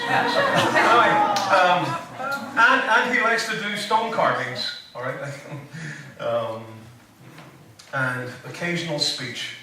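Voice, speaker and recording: Guy preaching a chatty sermon, lots of ums, bit high voice, super echoey room. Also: very animated, slow, long pauses, recorded from a distance, very noisy. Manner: rambling, joking asides, many fillers. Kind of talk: casual sermon. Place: church hall.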